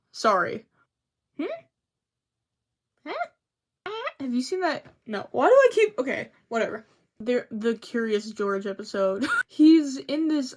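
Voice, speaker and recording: Young woman, fairly high voice, rambling casual vlog chat, swears a lot, self-mocking. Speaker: vlogger.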